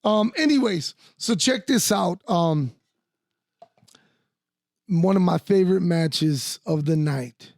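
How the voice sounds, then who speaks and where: A man with a high, gravelly voice trades wrestling opinions in an animated, salty way, laughing often. The sound is dry and close, with no room around it. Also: takes it slowly, pauses often, no room sound. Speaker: podcast co-host, former wrestler. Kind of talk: casual sports chat.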